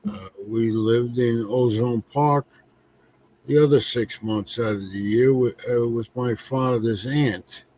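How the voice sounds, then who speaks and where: A man in his eighties from New York, answering interview questions slowly with many pauses and fillers. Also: mid-range voice, steady tone, warm tone. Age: 80s. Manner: slow, halting, many fillers. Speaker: guest, author.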